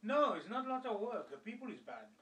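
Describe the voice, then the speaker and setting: A tired man talks a friend through a rough day at his store job, jumping into the arguments and acting out each side. He sits back from the mic in a roomy, echoing space, and his voice runs a touch high. A faint hiss of noise hangs underneath. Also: fast talker. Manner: animated retelling, acting out quoted arguments, non-native grammar. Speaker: store worker telling about his job. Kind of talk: casual storytelling chat. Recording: roomy sound from a distance, faint background noise.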